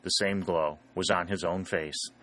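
Male audiobook narrator, measured, lowish pitch, bright forceful tone. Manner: even, measured storytelling. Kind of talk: scripted narration.

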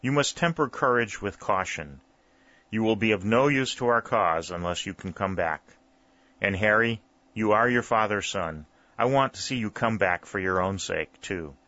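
A man's voice: fairly low pitch, normal speed, sharp tone, dry recording, dull audio. A man voicing a fatherly colonel who gives a young officer earnest parting advice, in a storybook reading. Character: older colonel, fatherly and cautionary.

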